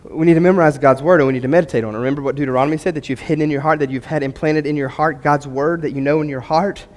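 A man's voice: fairly high pitch, steady tone, rapid-fire, a little mellow. A man preaching a sermon to his church in a conversational manner, mixing scripture with humorous personal stories. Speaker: pastor. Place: church sanctuary. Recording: long hall reverb.

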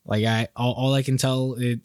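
A man co-hosting a podcast in relaxed conversation, talking in a hesitant, easygoing way. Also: mid-range voice, normal speed, clear, resonant tone, no room sound, clean studio sound. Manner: hesitant, many fillers and restarts, easygoing. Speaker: podcast co-host. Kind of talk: casual podcast chat.

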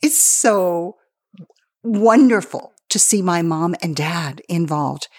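Animated woman co-host telling stories. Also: lowish voice, slow, slightly rough, no echo, studio quality. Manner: animated storytelling, acts out quotes; laughs easily. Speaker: podcast co-host. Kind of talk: casual political chat.

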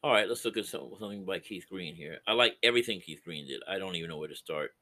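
A middle-aged man hosting a faith podcast, preaching with passion and swinging from loud to hushed. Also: low-pitched, animated, quick pace. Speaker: podcast host and Christian counselor. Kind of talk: preaching-style podcast talk.

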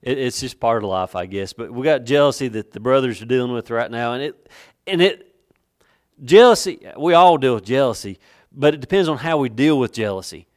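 A male pastor preaches a sermon, breaking into slow, emphatic readings of King James scripture. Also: mid-range voice, expressive.

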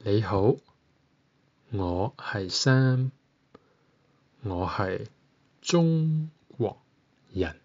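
A man from Britain teaching a beginner language lesson, saying each word slowly and pausing long for the listener to repeat. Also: lowish voice, lively intonation, darkish tone, breathy edge, highs cut off. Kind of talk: slow, deliberate language lesson.

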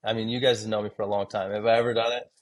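A man's voice: lowish voice, little pitch movement, very fast. Laughing, blunt young man guest. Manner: laughing storyteller, blunt and profane. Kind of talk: casual podcast chat.

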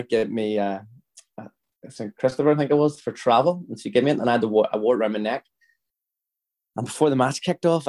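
Fast-talking Northern Irish man. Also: medium pitch, dark tone. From Northern Ireland. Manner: chatty, rambling, frequent restarts and quoted dialogue. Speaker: podcast guest, footballer. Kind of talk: casual storytelling chat.

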